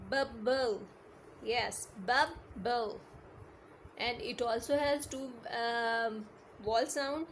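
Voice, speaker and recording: Woman teacher, patient and repetitive, light hiss on the recording. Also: fairly high pitch. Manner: patient, repetitive, asks "is that clear?" often; mixes English with Hindi-Urdu phrases. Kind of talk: online classroom lesson.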